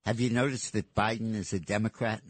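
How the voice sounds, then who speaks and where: A man's voice: on the low side, fairly even intonation, a little fast, no room sound. A man hosting political talk radio, speaking in an emphatic, sardonic way. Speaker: radio talk show host.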